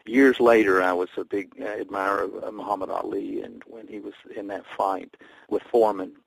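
A man from the American South, a guest on a talk show, telling rambling, animated personal stories. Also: sits low, a little fast, gravelly, breathy edge, no echo, poor audio. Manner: rambling, animated storytelling with laughs. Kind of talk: storytelling in conversation.

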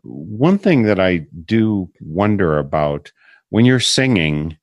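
A man hosting a radio interview, measured and thoughtful, asking probing questions. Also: low-pitched, very animated, no echo, lo-fi sound. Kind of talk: broadcast interview.

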